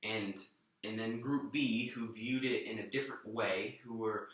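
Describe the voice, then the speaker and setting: A man's voice: lowish voice, steady tone, measured pace, fairly bright tone, heavy reverb, far from the mic, rough recording. A young man giving a short, informal sermon, earnest and often restarting his sentences. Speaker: youth minister.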